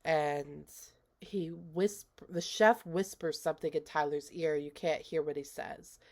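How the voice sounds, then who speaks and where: A woman with a low-pitched voice walks through a film's plot in a relaxed, casual way. She takes her time, and she drops into quoted dialogue as she goes. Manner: unhurried, retells scenes with quoted voices and laughs. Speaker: movie reviewer.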